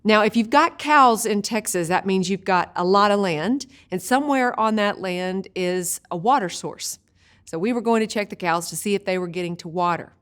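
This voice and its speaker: A woman teaches a video Bible study as an expressive storyteller, slowing down for vivid images. Her voice is medium in pitch.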